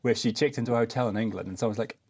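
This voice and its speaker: A man's voice: medium pitch, rapid-fire, darkish tone, breathy edge. A man with a South African accent, co-hosting a casual chat with easygoing, dry asides. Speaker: co-host.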